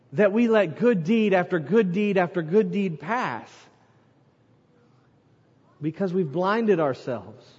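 A man preaching a sermon, reading scripture aloud and swinging between loud emphasis and quiet, slow lines. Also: high-pitched. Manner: reads scripture aloud, dramatic swings in loudness and pace. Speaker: pastor. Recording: muffled sound with long hall reverb.

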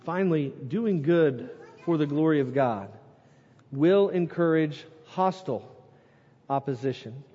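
A man preaching a sermon, reading scripture aloud and swinging between loud emphasis and quiet, slow lines. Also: a little high, lively intonation, breathy edge. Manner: reads scripture aloud, dramatic swings in loudness and pace. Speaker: pastor. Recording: muffled sound with long hall reverb.

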